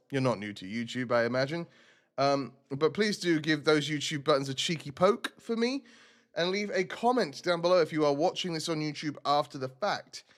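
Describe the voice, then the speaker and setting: A man streaming a role-playing game, chatting casually and rambling with self-mocking asides. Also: a little high.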